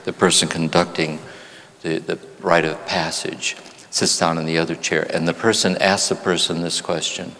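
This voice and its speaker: A man's voice: deep voice, little pitch movement. A man, a therapist and spiritual teacher, giving a reflective talk to a live audience in a church. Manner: reflective, slows and softens on key phrases. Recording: long hall reverb in a church.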